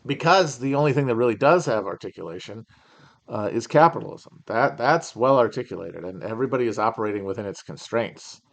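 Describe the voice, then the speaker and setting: A man chatting loosely to his stream audience, wry and meandering, trailing off into sighs and fillers. His voice sits in an ordinary middle pitch, and he talks through things at an unhurried, casual clip. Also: expressive, vocal fry. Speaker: podcast host on a live stream. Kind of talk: casual livestream chat and Q&A. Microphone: home streaming mic.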